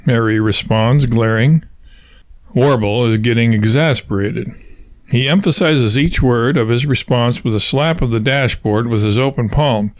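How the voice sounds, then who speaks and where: A man narrating a comic novel aloud in a measured, wry reading style. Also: medium pitch, gravelly, no echo. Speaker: audiobook reader. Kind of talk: storybook narration.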